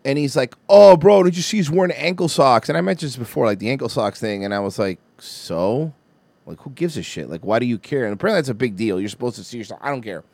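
Podcast host, man, crude and animated ranter, lively pitch, dry close mic. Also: fast, no echo. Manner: profane, ranting, animated storytelling. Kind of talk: casual chat.

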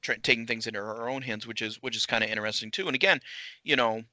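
A man's voice: mid-range voice, fast talker, bright, forceful tone, no room sound, poor audio. A man co-hosting a casual film discussion podcast, rambling with frequent restarts and laughs. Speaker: podcast co-host.

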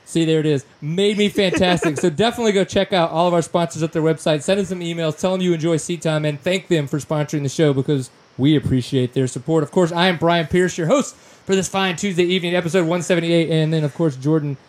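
A man from Louisiana hosts a casual podcast chat, reading sponsor plugs with loose slang and easy jokes. His voice sits a little high for a man. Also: quick pace. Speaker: podcast host.

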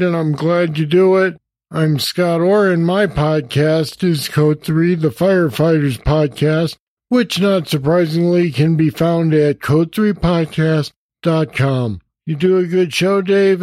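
A man's voice: fairly high pitch, a little mellow, dry recording. A man in a friendly, plain-spoken voice message to a podcast host. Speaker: podcast guest caller. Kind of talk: recorded voice message.

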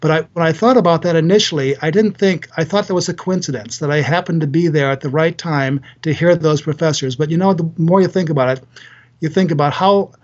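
A man's voice: on the high side, fairly quick, muffled recording. A man in his sixties, a doctor and author, telling earnest stories in a podcast interview with frequent repeated words. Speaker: guest, physician and author.

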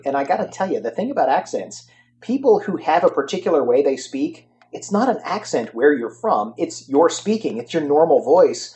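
A man co-hosting a casual music chat show who also does voiceover work, talking in an upbeat, animated way. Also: on the high side, normal speed, a little hiss or hum. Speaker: radio show co-host, voiceover artist.

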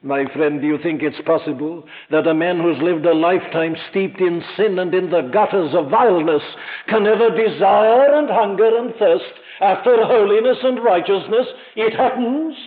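A man preaching with earnest, emphatic conviction, his fairly high voice swinging between quiet appeals and impassioned cries. He speaks straight to his listener. It is heard through a thin, telephone-narrow old recording. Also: normal speed, hardly any pauses. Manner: addresses listener directly. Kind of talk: sermon.

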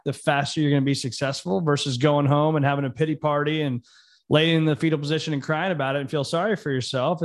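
A man hosting a casual interview, his voice sitting a little high. He talks emphatically and bluntly, pushing motivational points.

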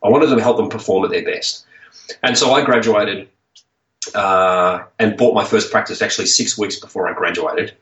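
An Australian man speaks as an enthusiastic, earnest podcast guest in a somewhat low voice. He sits away from the mic, so his voice carries a roomy echo, and the sound is dull and muffled. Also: moderate pace, a bit bright. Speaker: chiropractor and author, guest. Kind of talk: podcast interview storytelling. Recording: dull, roomy audio from a distance.

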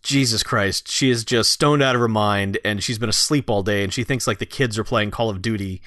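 A man's voice: on the low side, brisk, a bit bright, no echo, studio quality. A man co-hosting a casual movie recap chat, easygoing and profane, laughing often.

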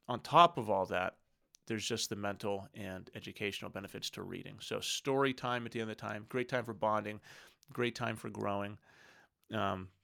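A man in his thirties with a low, gravelly voice, talking earnestly and casually as a solo podcast host. His speech is conversational and unscripted, and he sometimes voices his own inner thoughts. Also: a bit bright.

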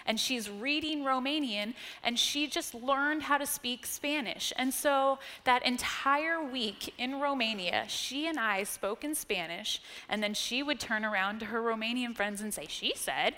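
An American woman in her thirties giving a sermon, telling personal stories in a chatty way, laughing often and dropping to a hush on key points. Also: fairly high pitch, unhurried, hardly any pauses. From United States. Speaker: church speaker. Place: church sanctuary. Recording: long church-hall reverb.

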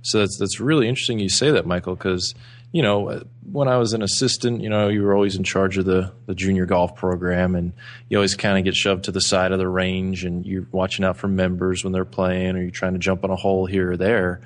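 A man co-hosts a casual podcast and reflects aloud in a conversational way. His voice sits low. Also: little pitch movement, fairly quick. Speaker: podcast co-host, golf professional.

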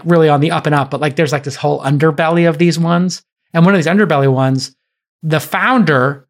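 A man hosting a podcast, telling an emphatic story in casual chat and acting out the quoted dialogue. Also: on the high side. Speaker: podcast host.

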